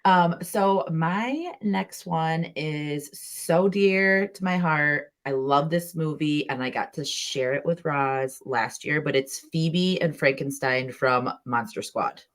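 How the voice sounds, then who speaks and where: A woman with a low-pitched voice hosts a casual podcast chat. She talks eagerly, filling her sentences with "like" and bursting into quick laughs. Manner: enthusiastic, chatty, with frequent "like" and laughs. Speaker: podcast host.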